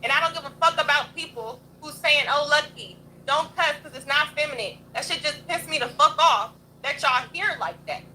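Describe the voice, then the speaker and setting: A woman's voice: sits high, moderate pace, few pauses, bright, forceful tone, slight background noise, poor audio. A young adult woman hosting a livestream, ranting in a blunt, profane, combative way. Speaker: livestream host. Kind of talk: heated livestream rant.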